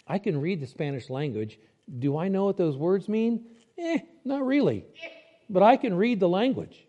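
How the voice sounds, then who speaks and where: Lively, high-voiced male preacher. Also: moderate pace, muffled recording. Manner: conversational, explains step by step with rhetorical questions. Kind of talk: sermon.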